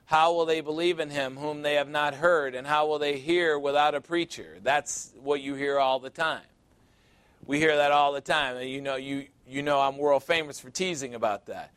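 A man's voice: on the high side, fairly even intonation, normal speed, a bit bright, smooth, no room sound. A man preaching a sermon verse by verse, conversational and teasing, asking his listeners questions. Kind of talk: sermon, verse-by-verse Bible teaching.

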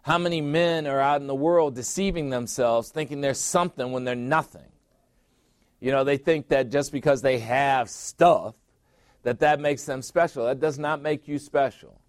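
A man's voice: medium pitch, normal speed, dry recording, studio quality. A middle-aged man preaching a sermon as pastor, emphatic, repeating phrases and putting questions to his listeners.

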